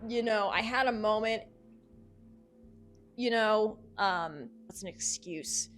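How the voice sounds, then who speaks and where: Rambling, playful woman with soft music behind. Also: mid-range voice, slow pace. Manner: playful, absurd, stammering asides. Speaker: YouTube host. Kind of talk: rambling comedic outro.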